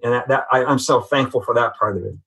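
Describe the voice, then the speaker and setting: A man's voice: medium pitch, fast, gravelly, fairly bright tone, slightly rough, rough recording. A man giving an earnest, reflective personal testimony as a guest in a conversation. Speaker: podcast guest.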